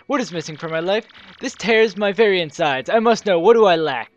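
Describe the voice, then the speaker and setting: A woman's voice: on the low side, animated, dull audio, a little hiss or hum, lightly acted. A woman voicing a flamboyant wealthy male merchant with a grand put-on foreign accent, reading game dialogue aloud. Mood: grandiose. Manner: grand, theatrical foreign-sounding put-on accent, slow drawn-out delivery.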